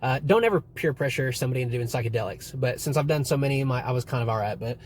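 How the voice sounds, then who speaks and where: A man's voice: medium pitch, racing, a little hiss or hum. Casual young man telling trip stories. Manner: rambling, swearing, animated retelling. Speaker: vlogger. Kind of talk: casual storytelling to camera.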